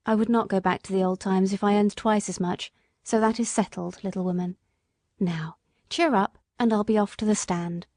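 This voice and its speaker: Brief: a woman reading as an earnest working-class cabman, mellow and dry-toned. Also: medium pitch, steady tone, normal speed, dry recording, lightly acted. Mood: steady.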